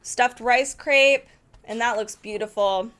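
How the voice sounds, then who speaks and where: Chatty, excited woman reviewing a cookbook. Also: a little high, slow pace. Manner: enthusiastic, thinking aloud, self-correcting. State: arm tired from holding a heavy book. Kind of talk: casual cookbook preview, flipping pages.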